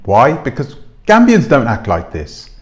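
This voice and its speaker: A man's voice: medium pitch, wildly swooping pitch, unhurried. A man hosting his own commentary channel, talking casually to camera on a clip-on mic, rambling and asking his viewers rhetorical questions. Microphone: clip-on microphone.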